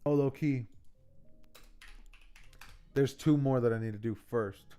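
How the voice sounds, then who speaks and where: A man's voice: medium pitch, slow, warm tone, smooth, faint music behind. A man streaming live, chatting casually with viewers in a laid-back way and muttering to himself as he works. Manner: laid-back, mutters while working, addresses chat as bro and y'all.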